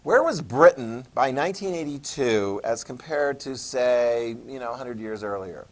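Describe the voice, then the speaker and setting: A man with a mid-range voice gives a history lecture at normal speed, sounding animated. He cracks jokes, asks the class questions, and checks in with "okay?"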